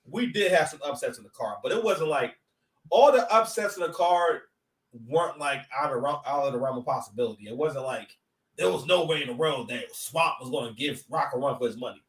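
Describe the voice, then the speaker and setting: A man's voice: medium pitch, fairly quick, fairly bright tone, far from the mic. A man giving casual battle rap commentary at home, rambling and joking with lots of stop-and-start repeats. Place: at home with his son nearby. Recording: echoey room, voice from off-mic.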